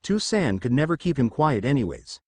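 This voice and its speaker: Man voicing a teasing young barmaid, lively lilt. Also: medium pitch, normal speed, husky, dry recording.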